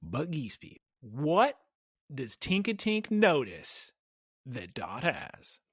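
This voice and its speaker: A man co-hosting a podcast, recapping an episode in animated, rambling casual chat and laughing often. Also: medium pitch, slow, husky, no echo, clean studio sound. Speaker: podcast co-host.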